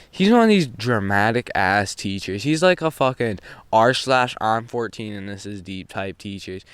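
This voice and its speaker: Teen boy storyteller, casual and profane, rambling with restarts, clean smooth tone, close dry sound. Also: on the low side, no echo. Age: teens. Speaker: vlogger.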